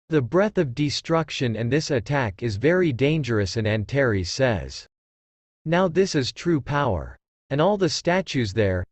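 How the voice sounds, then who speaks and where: A man's voice: medium pitch, no room sound. A man narrating a comic recap in a plain, repetitive retelling.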